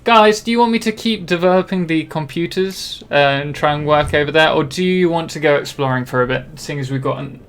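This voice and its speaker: A man's voice: fairly high pitch, a little fast, few pauses, fairly bright tone, clear, resonant tone. A young man from Britain chatting casually on a live game stream, rambling and self-deprecating, with many ums and restarts. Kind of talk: casual live-stream chat while playing.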